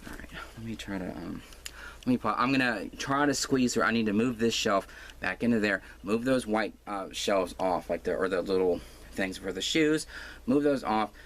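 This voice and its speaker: Man, home crafting vlogger, low voice, rambling and self-mocking, noticeable background noise. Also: normal speed, fairly bright tone. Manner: rambling, full of fillers and restarts; self-deprecating. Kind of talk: casual rambling vlog. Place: room at home. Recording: noisy home recording.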